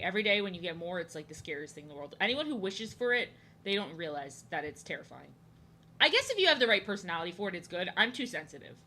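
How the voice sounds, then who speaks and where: A woman's voice: medium pitch, sharp tone, a little hiss or hum. A young woman streaming while she draws, chatting casually and rambling, repeating her phrases with lots of fillers. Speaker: art streamer.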